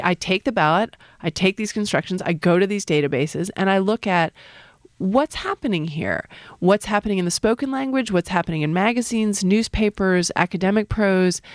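A middle-aged woman who works as a linguist talks through her reasoning patiently, sometimes restarting a sentence. Her voice sits at a medium pitch. The recording is dry and close, with no room sound. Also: dry recording. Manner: thoughtful, explanatory, with restarts. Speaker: linguist, usage panel member. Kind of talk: conversational interview answers.

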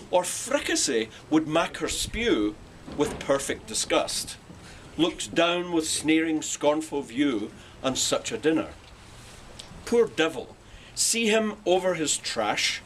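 Slow, dramatic man reciting, faint hiss. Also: a little high, fairly bright tone. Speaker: reciter of a poem. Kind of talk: poetry recitation. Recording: online clip with faint background noise.

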